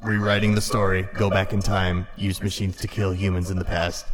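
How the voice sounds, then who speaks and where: A man voicing a deadpan, terse AI supercomputer villain in a comedic improv sketch, played over a laptop. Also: sits low, brisk, long reverb tail, natural voice. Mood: scheming. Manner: monotone, terse, robotic.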